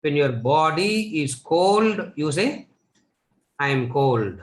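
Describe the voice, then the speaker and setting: Speaking slowly in a slightly high, expressive voice, a man lectures on spirituality as a Vedanta teacher with a Tamil-influenced Indian English accent. He asks his audience rhetorical questions and returns to his main lines again and again, and the rough recording has a roomy sound.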